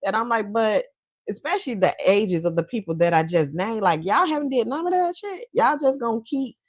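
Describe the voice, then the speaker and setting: A woman's voice: fairly high pitch, expressive, brisk, no room sound. A woman giving casual commentary in a blunt, profane, chatty way, often breaking into laughs. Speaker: commentary vlogger.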